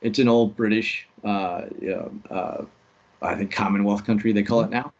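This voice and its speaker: A man's voice: on the low side, steady tone, moderate pace, muffled recording. A man co-hosting a casual chat show, telling travel stories in a laid-back way with lots of ums. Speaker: podcast co-host.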